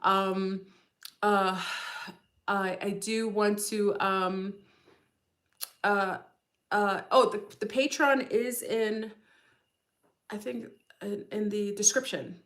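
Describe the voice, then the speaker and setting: A woman's voice: medium pitch, fairly even intonation, takes it slowly, long pauses, a bit bright. A woman hosting a casual livestream, musing aloud in a rambling, speculative way and often checking in with her listeners. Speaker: livestream host.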